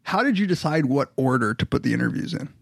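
Male co-host, gravelly, joking, curious questioner. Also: mid-range voice, lively intonation, fast, no echo, clean studio sound. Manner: laughs often, asks teasing questions. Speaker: podcast co-host. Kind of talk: casual chat.

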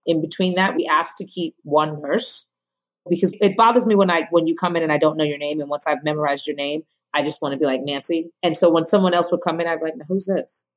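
A woman in her thirties shares her birth story as a guest on a podcast. Her voice sits lowish, and she bursts into high, animated quotes and laughter as she acts out the people in her story. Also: quick pace.

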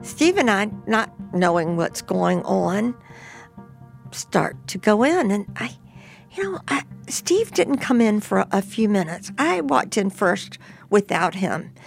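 A woman's voice: medium pitch, creaky. An older woman vividly retelling a personal story to an interviewer, acting out what people said. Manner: lively, animated retelling with acted-out quotes.

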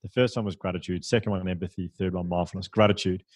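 A man who is a podcast guest, telling stories in a lively, chatty, self-deprecating way. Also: deep voice, fast, dry recording. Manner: animated, chatty, self-deprecating, with fillers and laughs. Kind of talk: conversational storytelling.

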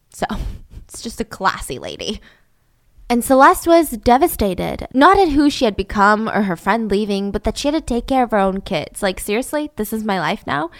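A woman's voice: mid-range voice, dry recording, studio quality. A young woman telling a true-crime story casually, with wry, sarcastic asides.

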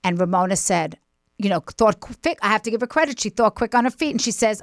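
Animated woman guest telling stories. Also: mid-range voice, fast, no room sound, clean studio sound. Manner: animated, emphatic storytelling. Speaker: guest, reality TV personality. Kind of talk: casual chat.

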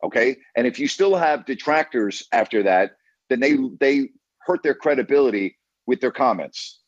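A man's voice: medium pitch, lively intonation, moderate pace, no room sound, lo-fi sound. A man hosting a call-in sports radio show, blunt and emphatic, who keeps repeating himself to press his point.

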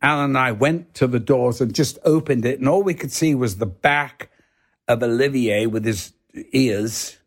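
An older man, a guest on a podcast, telling lively stories and acting out the voices in them. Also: mid-range voice, moderate pace. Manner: animated, laughing, acts out voices. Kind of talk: anecdotal storytelling.

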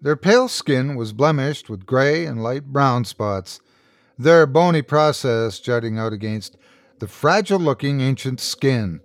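Male host for scripted horror narration, first person, unhurried and tense, lively pitch. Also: dry recording, clean studio sound.

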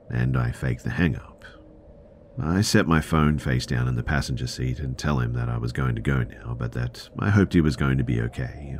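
A man reading a true scary story aloud in first person as a podcast narrator, at a steady, plain pace. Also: a bass voice, moderate pace, a little hiss or hum.

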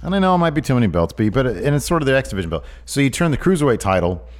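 A man co-hosting a casual chat podcast, eagerly pitching ideas in an animated way. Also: very fast. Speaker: podcast co-host.

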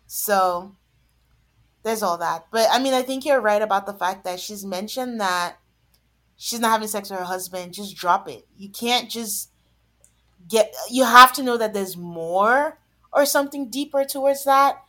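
A woman co-hosting a podcast in casual chat, laughing often and trailing off softly. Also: medium pitch, measured pace. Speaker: podcast co-host.

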